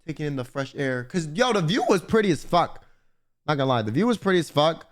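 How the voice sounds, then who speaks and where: A male streamer with a slightly higher-pitched voice tells a loose, rambling story to his viewers. He swears freely and stumbles through frequent restarts as he talks. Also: very animated, fast talker. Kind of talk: casual storytelling to chat.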